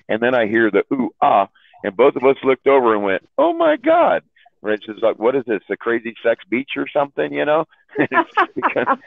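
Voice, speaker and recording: A man's voice: fairly low pitch, dry recording. A man casually telling a rambling, profane story to friends on a call, repeating his words and laughing at his own tales. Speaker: chat room host telling stories. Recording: tinny phone-line sound.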